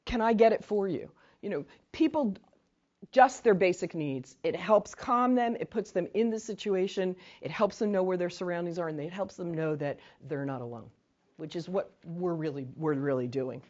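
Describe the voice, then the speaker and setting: A woman with a lower voice runs a training workshop in a chatty, conversational way. She keeps checking in with "right?" and acts out short sample lines. The recording is dull and lo-fi. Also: moderate pace, a little mellow. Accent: New England. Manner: conversational, often asks "right?". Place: training room.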